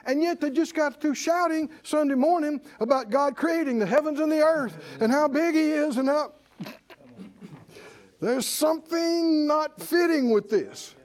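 A man's voice: very high-pitched, moderate pace. A man preaching a sermon, calling out questions to the congregation and acting out voices with laughter. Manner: animated, call-and-response with the congregation; acts out quoted voices and laughs often. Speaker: pastor.

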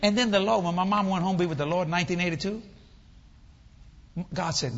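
A man preaching a sermon, telling a family story in an animated, comic way. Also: high voice, fast talker, pauses often, long reverb tail, highs cut off, a little hiss or hum.

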